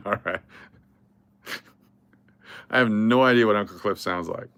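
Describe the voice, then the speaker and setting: A man's voice: fairly low pitch, takes it slowly, pauses often, fairly bright tone, no echo. An older man hosting a casual livestream, rattling off lists of cards and chatting to viewers. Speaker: livestream host.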